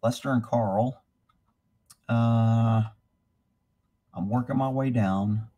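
Speaking slowly in a steady, dark, mid-range voice, a man runs a live stream fielding horse questions. He rants bluntly with plenty of swearing and stops to read viewer comments aloud. The recording's high frequencies are cut off.

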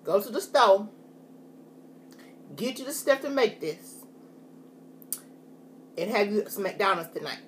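Folksy woman chatting as she eats, bouncy highish voice, faint room hum behind. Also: expressive, slow, pauses often. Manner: chatty, folksy, says "y'all" a lot. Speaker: food vlogger. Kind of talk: casual mukbang chat to camera.

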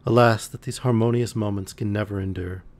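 A man reading a novel aloud on a live stream, relaxed, with the odd slip and restart. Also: fairly low pitch, brisk. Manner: relaxed, with occasional slips and restarts. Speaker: audiobook reader on a live stream. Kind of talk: reading a novel aloud, voicing characters lightly.

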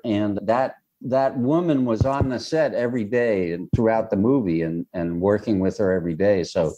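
A screenwriter and director answers interview questions thoughtfully and reflectively, often pausing with "you know." His voice is fairly low with a darkish tone, and the recording is rough.

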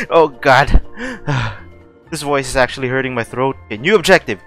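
A young man giving excitable let's play commentary who laughs often and swears. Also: mid-range voice, normal speed, faint music behind. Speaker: gaming streamer.

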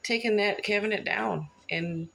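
A woman's voice: mid-range voice, a little slow, gravelly, bright, forceful tone. A woman chatting casually in her home kitchen, rambling as she shows off storage bins to a phone camera. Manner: chatty, rambling, says um and thingamajiggers. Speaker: home vlogger.

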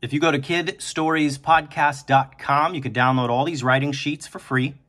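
A man hosting a kindergarten writing lesson, speaking slowly and encouragingly and stretching words out aloud. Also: a little high, steady tone, fairly bright tone. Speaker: teacher and podcast host.

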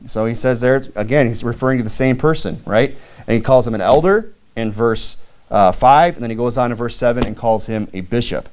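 A man's voice: medium pitch, a little fast, a little mellow, clear, resonant tone. A man preaches in a church with a mid-range voice. He is a pastor giving a sermon, reading scripture aloud and then explaining it in plain, everyday talk. He often stops and restarts his sentences.

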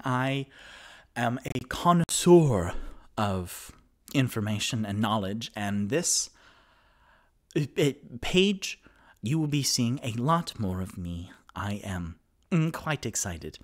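A man doing a fussy, excitable wizard. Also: mid-range voice, slow pace. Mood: excited. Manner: fussy, stammering, grandiose. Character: male wizard, pompous, excitable scholar.

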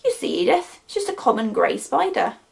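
A woman voicing a middle-aged male farmer, earnest and awed, speaking in a solemn, hushed way. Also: on the high side, sing-song, fairly quick, gravelly, full character voice. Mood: insistent.

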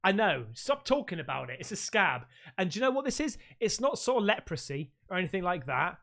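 A British man reacting casually to ghost clips, loud and excitable, swearing freely. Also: high-pitched, a little fast, gravelly. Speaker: reaction video host.

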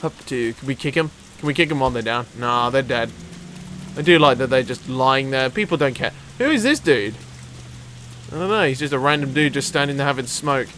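A young man, commentating on gameplay casually, excitable and swearing often. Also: medium pitch, fairly quick, a little hiss or hum. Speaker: let's play host.

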